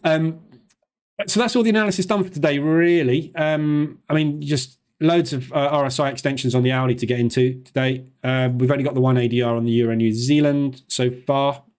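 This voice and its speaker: A man hosting a live trading stream, talking fast in a chatty, loose way with plenty of fillers. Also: medium pitch, fairly even intonation, darkish tone, clean tone.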